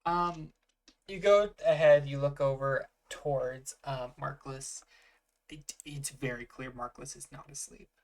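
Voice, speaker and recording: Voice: medium pitch, fairly even intonation, measured pace. A game master narrating a tabletop game in a casual, filler-heavy way, working out rules aloud.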